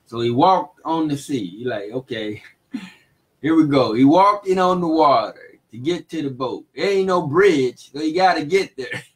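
A man teaches the Bible in a relaxed, casual manner, reading verses and retelling them in everyday language with frequent chuckles. His voice is on the high side and a little slow, and the recording is rough.

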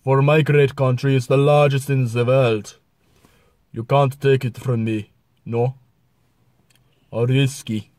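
A man's voice: mid-range voice, little pitch movement, slow pace, pauses often, a little mellow, no room sound, studio quality, close to an everyday voice. A man putting on a proud, threatening mock-Russian strongman character. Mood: menacing. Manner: growling, threatening swagger.

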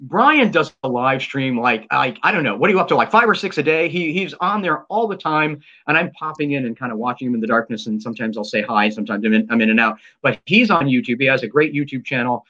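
A man's voice: medium pitch, fast talker, hardly any pauses, sharp tone. A man hosting a casual live stream, joking around and often repeating words as he chats with viewers. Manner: playful, jokey, stumbles and repeats words. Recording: dull lo-fi stream audio.

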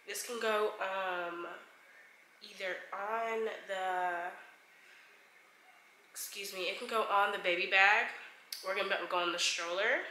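Young woman, bright crisp voice, chatty and gushing, echoey room with faint hiss. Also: medium pitch, fairly even intonation, takes it slowly, pauses often. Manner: gushing, chatty, addresses viewers as y'all. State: expecting a baby. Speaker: vlogger showing baby shower gifts. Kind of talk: casual haul vlog.

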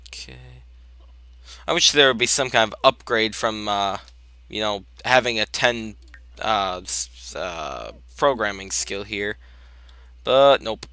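A man's voice: lowish voice, slow pace, pushed and bright, clear, resonant tone, dry recording. A young man giving casual let's-play commentary, chatting to the characters on screen and bursting out in exasperation now and then. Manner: chatty, talks to his sims, exasperated outbursts. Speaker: gameplay commentator.

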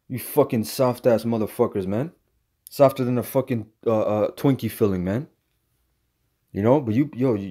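A man ranting like an online preacher, his voice dark and mellow in tone. He stammers and restarts constantly, swears freely, and caps nearly every phrase with "man." He keeps up the angry monologue without a break. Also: mid-range voice.

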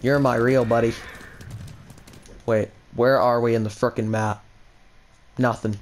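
Excitable young man trash-talking a game. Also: mid-range voice, a little slow, long pauses. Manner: excitable, trash-talking, swaps in mild stand-in swears. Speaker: gaming channel host. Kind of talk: casual gameplay commentary.

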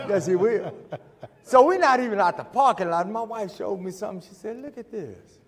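Husky-voiced preacher, lively pitch. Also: male voice, brisk. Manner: storytelling, acting out dialogue, building to shouts. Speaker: pastor. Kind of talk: sermon. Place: church sanctuary. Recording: church hall with long reverb.

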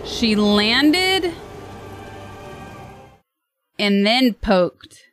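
A woman streaming a video game, commenting as she plays, frustrated and sarcastic, yelling when she gets hit. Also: a little high, sing-song, very slow. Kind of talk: live gameplay commentary. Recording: game music behind the voice.

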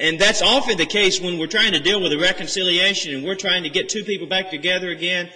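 A man preaches an earnest sermon, working through a scripture passage and leaning hard on the phrases he wants remembered. His voice sits a little high and comes across bright and forceful. It rings out with the long reverb of a church sanctuary. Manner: earnest expository preaching, rising emphasis on key phrases.

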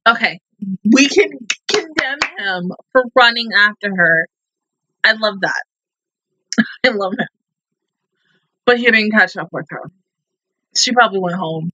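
A woman's voice: mid-range voice, animated, unhurried, pauses often, pushed and bright, no echo, poor audio. A young woman reacting to an anime, emotional and exclaiming as she talks to the screen. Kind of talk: casual reaction commentary.

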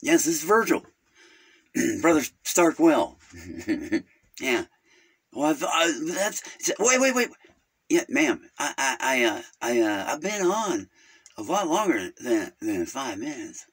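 A man doing a rambling, husky-voiced caller. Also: medium pitch, sing-song, slow, full character voice. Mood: flustered. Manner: rambling, easily sidetracked, crude. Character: rambling naive middle-aged male caller named Virgil. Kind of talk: comedic character phone call.

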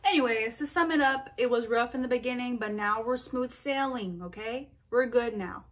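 A young woman chats through viewer questions in a relaxed vlog. Her voice sits a little high. She talks in an animated way, full of fillers and playful quoted asides. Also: normal speed. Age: young adult. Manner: chatty, animated, lots of fillers and self-quotes. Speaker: vlogger. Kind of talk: casual Q&A vlog.

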